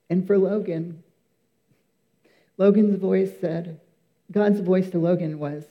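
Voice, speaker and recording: A man with a high-pitched voice tells his church testimony in an earnest, emphatic way, often pausing on fillers and restarting. The recording sounds slightly dull and lo-fi. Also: fairly even intonation. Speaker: person giving a testimony.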